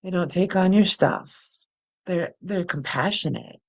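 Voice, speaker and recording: A middle-aged woman hosting a guided breathing practice, speaking softly and laughing at herself now and then. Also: on the low side. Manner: soft and unhurried, laughs at herself. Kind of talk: gentle guided meditation, chatty asides. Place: home, close to the camera. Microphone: camera mic, close.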